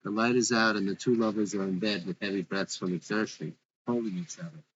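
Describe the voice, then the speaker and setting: A man's voice: on the low side, fairly even intonation, brisk, fairly bright tone, muffled recording, slight background noise. A man reading a script aloud with its stage directions, in a plain, matter-of-fact way.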